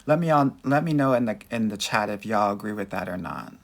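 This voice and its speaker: A man's voice: lowish voice, lively intonation, fairly quick, gravelly. A man coaching on dating in a live Q&A, reading viewer comments aloud in a sassy, flamboyant way and calling listeners honey and girl. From United States.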